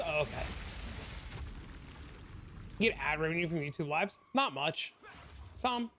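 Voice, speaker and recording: Male live streamer, slightly high and bright, chatty, answers chat and tells animated stories at his desk mic. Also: creaky. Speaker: game streamer.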